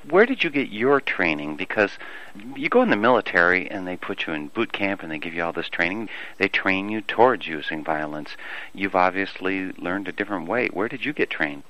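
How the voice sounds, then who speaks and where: A man hosting a radio interview show, introducing the music and asking his guest questions in a measured, thoughtful way. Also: low voice, big pitch swings, pushed and bright, dry recording, low-quality recording.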